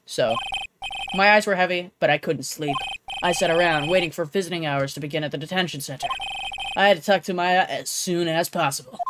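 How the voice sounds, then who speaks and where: A woman's voice: lowish voice, a little fast, noisy background. Rambling young woman streamer. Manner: rambling, trails off with "like". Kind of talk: casual let's-play commentary.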